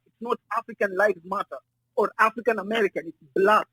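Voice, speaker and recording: Debater: man, emphatic and lecturing, husky high voice. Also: fairly quick, bright, forceful tone, no room sound, poor audio. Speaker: debate participant. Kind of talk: heated spoken debate.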